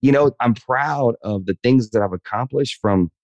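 A man's voice: mid-range voice, moderate pace, a little mellow, no room sound, dull audio. A man in his thirties, a podcast guest, talking earnestly and openly, repeating words and calling the host man and dude. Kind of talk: candid interview talk.

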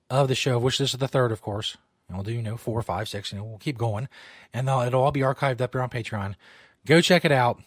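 A male comedy podcast host with a voice of ordinary pitch, who talks loosely and rambles, swears, and mocks himself. He records in a small studio, and the sound is close and dry with almost no room sound. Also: fairly quick, no echo. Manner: loose, rambling, self-mocking. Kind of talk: casual, profane show banter.

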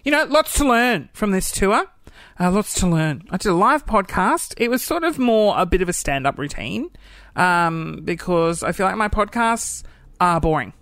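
A man's voice: high voice, big pitch swings, moderate pace, a bit bright, dry recording. A man hosting his podcast in casual, rambling, self-deprecating chat. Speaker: podcast host.

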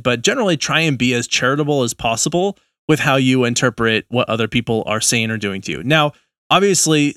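A man co-hosting a casual podcast, explaining ideas in a measured, thoughtful way. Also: medium pitch, fairly bright tone, dry recording, clean studio sound. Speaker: podcast co-host.

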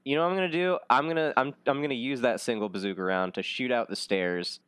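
A man playing a casual tabletop game, excitable and quick to swear or burst out loudly. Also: mid-range voice, clean tone, dry recording. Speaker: player.

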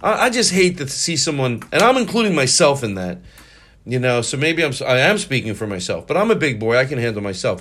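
A man hosting a solo podcast, rambling with many restarts and self-corrections, a little high. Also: sing-song, brisk, fairly bright tone. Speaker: podcast host.

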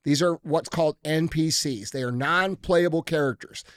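A man's voice: fairly high pitch, normal speed, fairly bright tone, clean tone, dry recording, clean studio sound. Opinionated man, emphatic podcast co-host. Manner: emphatic, opinionated, rhetorical questions. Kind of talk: casual chat.

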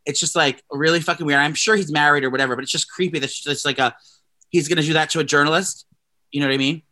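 The voice belongs to a young male podcast co-host: a little high, fast, pushed and bright, with fairly even intonation. He rambles through casual gossip, often using fillers and starting sentences over.

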